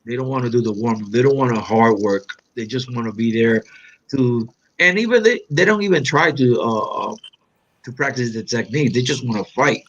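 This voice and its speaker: A man from Puerto Rico reminiscing in an interview, animated and acting out quoted lines with big pitch jumps. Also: moderate pace, muffled recording. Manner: animated storyteller, acts out quotes with sharp pitch jumps, non-native phrasing. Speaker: interview guest, black belt.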